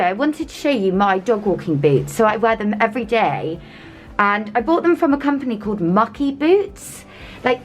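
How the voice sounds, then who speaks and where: An English woman chatting casually in a vlog, gushing and full of fillers, and cooing at her dog in a high baby voice. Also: very animated, normal speed, faint music behind. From England. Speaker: vlogger.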